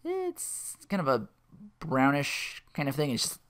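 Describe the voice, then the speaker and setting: A man casually retelling a film scene by scene, rambling with lots of "like" and quick laughs. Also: fairly high pitch, huge pitch swings, fairly bright tone. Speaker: channel host retelling a film.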